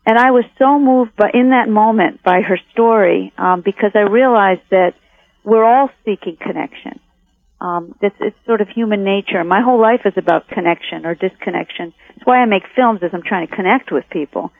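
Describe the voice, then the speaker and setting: A woman's voice: medium pitch, normal speed, creaky, dry recording. A woman who makes documentary films, answering interview questions in a reflective way with frequent restarts. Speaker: documentary filmmaker, guest. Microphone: telephone. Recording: tinny phone line.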